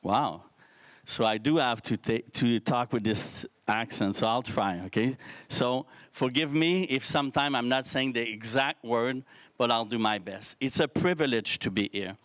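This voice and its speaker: A man's voice: mid-range voice, measured pace, fairly bright tone, dry recording. A man in his fifties with a Québécois French accent, giving an earnest, candid speech to a youth audience from a stage microphone, often restarting his words. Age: 50s. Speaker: keynote speaker. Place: science centre stage.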